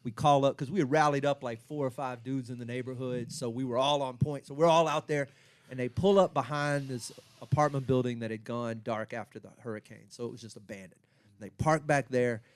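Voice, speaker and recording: A man, hosting a podcast and telling a profane story to friends with lively energy. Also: mid-range voice, a little fast. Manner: animated, profane, acts out quotes. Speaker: podcast host and stand-up comic. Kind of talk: casual storytelling among friends.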